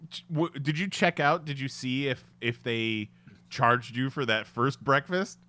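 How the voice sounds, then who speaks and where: A man's voice: medium pitch, measured pace, bright, forceful tone. A man co-hosting a podcast in casual chat, laughing and playfully mimicking the people in the story. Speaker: podcast co-host.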